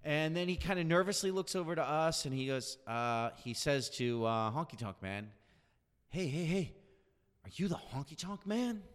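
A man's voice: fairly high pitch, moderate pace, big-room sound. A man telling a long anecdote in casual chat, acting out the quotes of the people in it. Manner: animated storyteller, acts out quotes.

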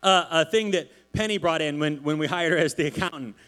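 A man, a pastor, giving a casual sermon in church, chatty and animated, telling stories with many asides. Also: on the high side, a little fast.

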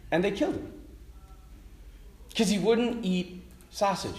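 An animated man speaks to a group about faith. He tells stories and slips into the voices of the people in them. His voice sits high and moves widely in pitch, and the room gives it a clear echo. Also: fairly quick. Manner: animated storytelling, acting out quoted voices. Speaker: Catholic speaker. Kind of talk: lively faith talk to a group.

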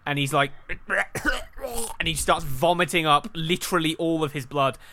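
This voice has a bright, forceful tone and a middle pitch. It narrates a tabletop game as game master, pausing often with ums. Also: fairly even intonation, slight background noise. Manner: hesitant, with frequent ums and laughs.

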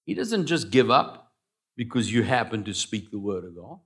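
A man preaching a sermon, swinging between loud declarations and quiet asides. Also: fairly low pitch, very animated, moderate pace. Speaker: pastor.

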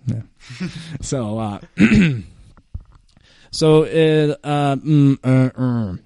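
A man's voice: mid-range voice, animated, very slow, warm tone, dry recording, clean studio sound. A man hosting a casual podcast chat, playful and laughing often, with lots of hesitant fillers. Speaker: podcast host. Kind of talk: casual chat with freestyle rapping. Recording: hip hop music behind.

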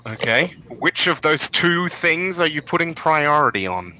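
Unhurried male game master, bright voice, easy filler-laden narration. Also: fairly high pitch, very animated, a little hiss or hum, low-quality recording. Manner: casual, drawn-out narration with fillers.

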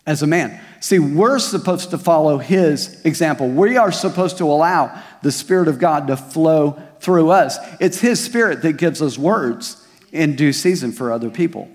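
A man's voice: on the high side, animated, normal speed, in a large hall. A male pastor preaching a sermon, mixing scripture with personal stories and rhetorical questions. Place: church service at a community center.

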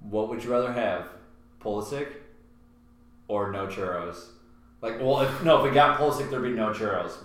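A man's voice: on the low side, normal speed, long pauses, fairly bright tone. A man co-hosting a podcast in casual sports chat, with a teasing, playful manner. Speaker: podcast co-host. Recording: echoey room.

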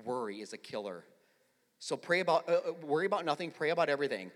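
A middle-aged male pastor preaching a sermon in a conversational, storytelling way that swells into forceful emphasis. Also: a little high, expressive, quick pace. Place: large church. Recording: long hall reverb.

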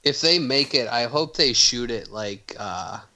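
A man's voice: mid-range voice, animated, measured pace, pushed and bright. A man co-hosting a podcast, talking animatedly and swearing freely in casual chat. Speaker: podcast co-host.

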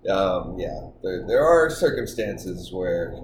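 A man's voice: sits low, very animated, slow pace. A man co-hosting a podcast in casual chat, giving short agreeing replies and blunt opinions. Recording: roomy with clear background noise.

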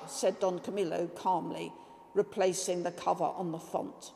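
A woman preacher giving a measured, reflective sermon that includes a story read aloud. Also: fairly low pitch, flat delivery, creaky, mellow, in a large hall.

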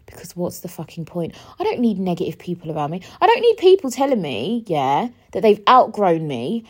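A young woman in her twenties, talking alone in a rambling, emotional way, often swearing and sometimes rising close to a shout. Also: medium pitch, big pitch swings, fairly quick, hardly any pauses, slightly rough. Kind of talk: casual solo monologue.

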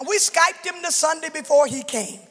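A woman's voice: very high-pitched, animated, moderate pace, fairly bright tone, some chatter behind. Woman, a pastor's widow, giving emotional church testimony into fervent preaching; long reverb from a big hall.

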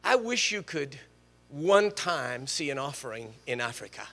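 An older man preaching in a church sanctuary, telling stories and teasing his congregation. His voice is bright and sits a bit high for a man. A long reverb trails after each phrase. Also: measured pace. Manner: storytelling, animated, jokes with the congregation. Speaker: guest preacher. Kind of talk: sermon.

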